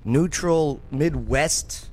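A radio show host and former army journalist with a New Jersey accent chats casually and tells stories, acting out other people's lines. His voice is fairly high with a darkish tone, and he speaks extremely slowly.

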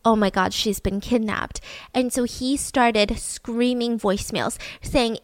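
A woman's voice: fairly high pitch, steady tone, slow, no echo. Chatty young woman telling a true-crime story. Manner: chatty, leans on fillers like "like" and "I mean". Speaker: podcast co-host.

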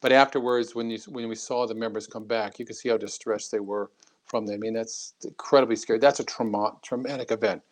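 A former congressman speaks as a guest in a talk interview. He tells anecdotes in a lively, chatty way, often restarting his sentences. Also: fairly low pitch, a little fast. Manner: anecdotal, animated, frequent restarts. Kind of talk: interview storytelling.

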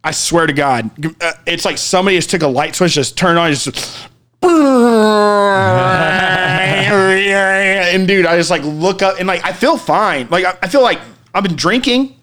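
Male storyteller, a bit high-pitched, casual and animated, breaks into shouts. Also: measured pace. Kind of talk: casual podcast chat.

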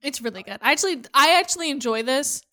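A woman with a high, bright voice chats casually as a podcast co-host, her pitch swinging widely. She is animated and swears freely. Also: fast. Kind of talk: casual chat.

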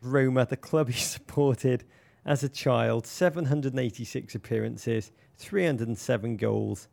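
Gravelly man, playful and florid. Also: medium pitch, fairly even intonation, a little slow, darkish tone. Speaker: podcast co-host. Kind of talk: casual chat.

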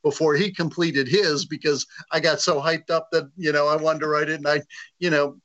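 A man being interviewed, telling a story casually and acting out the quoted dialogue with animated voices. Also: a little high, moderate pace. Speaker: author guest. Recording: lo-fi muffled audio.

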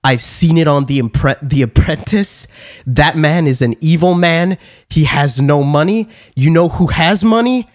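A man putting on a slow, insistent old French-Canadian man. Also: fairly high pitch, lightly acted.

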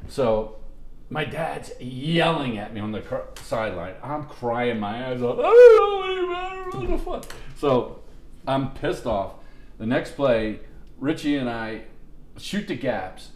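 Slow and medium-pitched, this middle-aged podcast guest rambles through long, profanity-laced stories among friends, restarting often and laughing along. The room sounds echoey.

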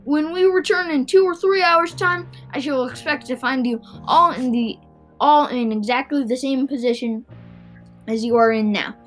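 A man's voice: very high-pitched, normal speed, soft background music. A man voicing a nasty, bossy old man who barks orders at his pets. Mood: barking orders. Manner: shouted commands, bossy.

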